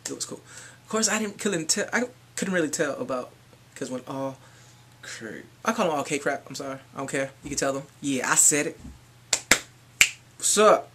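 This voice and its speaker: Excitable man in a fan vlog. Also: fairly high pitch, moderate pace, background noise. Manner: excitable, swinging from whispers to shrieks. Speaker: fan vlogger. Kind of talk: casual fan recap vlog.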